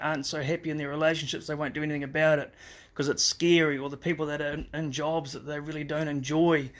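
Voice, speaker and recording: A man speaks into a phone from a hospital room on a live stream. His voice sits a bit high but stays flat and level. He talks in a heartfelt, emotional way, full of fillers and restarts. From New Zealand. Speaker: father recovering from a car crash.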